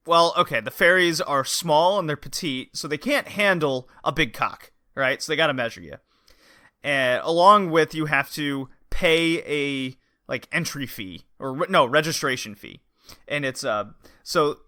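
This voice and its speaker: A man's voice: on the high side, bright, forceful tone, no echo, clean studio sound. A man co-hosting a podcast, chatting casually and animatedly, laughing and acting out quotes. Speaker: podcast co-host.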